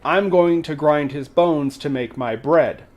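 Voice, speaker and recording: A man's voice: on the high side, unhurried, natural voice. A man voicing a huge, menacing male giant who is hunting an intruder in a fairy tale.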